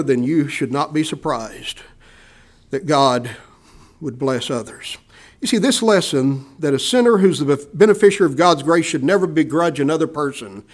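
Animated preacher, fairly high voice. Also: male voice. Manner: animated preaching, voicing quoted people with rises in pitch and volume. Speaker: pastor. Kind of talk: sermon.

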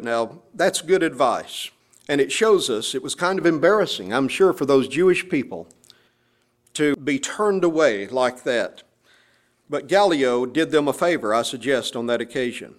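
A man's voice: mid-range voice, expressive, normal speed. A man preaching a sermon, explaining and quoting scripture passages with emphasis. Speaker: pastor.

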